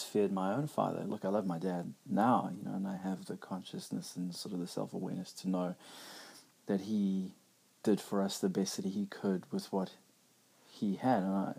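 A man's voice: sits low, little pitch movement, moderate pace, creaky, darkish tone, slightly rough. A middle-aged man hosting a podcast, talking candidly and reflectively in a conversational way with many restarts. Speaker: podcast host. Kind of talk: reflective personal monologue.

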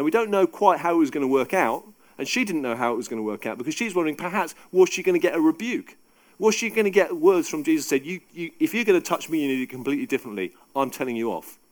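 A man preaching a sermon in an animated, conversational and emphatic way. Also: fairly high pitch.

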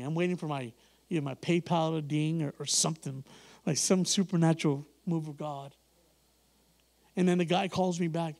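In a sermon, a man with a slightly high voice talks at normal speed. His delivery is animated: he performs the characters' dialogue as he tells a story, with frequent laughter.

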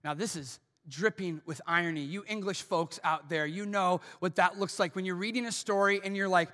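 A man preaching a sermon as pastor in a church, swinging from hushed lines to shouted peaks. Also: high voice, moderate pace, few pauses, long reverb tail. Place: church auditorium.

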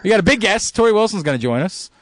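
High-voiced guy hosting a podcast from a radio studio, lots of joking around, super lively. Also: rapid-fire, no room sound. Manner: joking, self-mocking storytelling with frequent laughs. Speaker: podcast host. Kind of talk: casual podcast banter.

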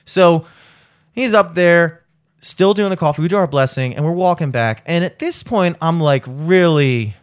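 A man's voice: normal speed, clean tone. A man telling a long story in casual chat, swearing often and acting out what others said. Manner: animated, profane, acts out quotes in a high voice.

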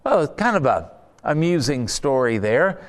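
A man preaching a sermon, telling stories with conversational asides and reading scripture slowly and emphatically. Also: fairly high pitch, big pitch swings. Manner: conversational storytelling with rhetorical asides.

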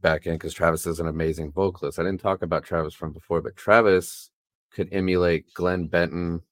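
Guest musician with a very low voice, laid back, swears a lot, dry sound. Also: male voice, fairly even intonation, brisk, no echo. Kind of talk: casual chat.

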